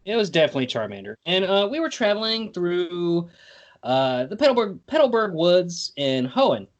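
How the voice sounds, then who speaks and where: A man's voice: high voice, very animated, moderate pace, highs cut off. Goofy man hosting a podcast. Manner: goofy, jokey storytelling. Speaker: podcast host. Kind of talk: casual comedic chat.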